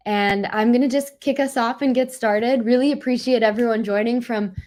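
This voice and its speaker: A woman's voice: on the high side, steady tone, moderate pace, a little mellow. A young woman from the United States giving a chatty, encouraging webinar talk over a video call. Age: young adult. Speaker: workshop speaker.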